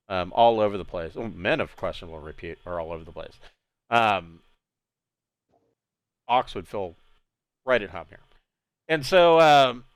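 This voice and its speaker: Rambling male game master, smooth and dry. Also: lowish voice, fairly bright tone, no room sound. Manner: casual, rambling, laughs often. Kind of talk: narrating a tabletop game.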